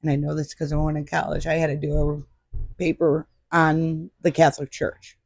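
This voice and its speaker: A middle-aged woman, a podcast guest, telling a personal story in an animated, emphatic way. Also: deep voice, moderate pace, vocal fry, no echo.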